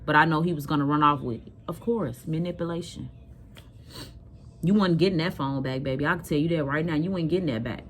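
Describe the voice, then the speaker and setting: Mother on camera, low-pitched, scolding and emphatic, talks straight to viewers. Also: a little fast, a little hiss or hum. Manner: animated, emphatic, addresses viewers directly; blunt and scolding. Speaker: vlogger telling a personal story. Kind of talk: casual storytelling to viewers.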